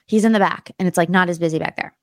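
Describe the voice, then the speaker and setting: A young woman hosting a podcast, telling a story in a casual way and acting out quotes in high, excited voices. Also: rapid-fire, no echo, clean studio sound. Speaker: podcast host.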